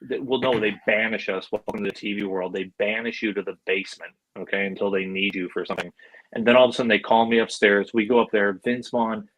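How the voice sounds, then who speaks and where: A man guest on a podcast, telling a story in a rambling, animated, profane way. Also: lowish voice, quick pace, rough recording. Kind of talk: casual storytelling.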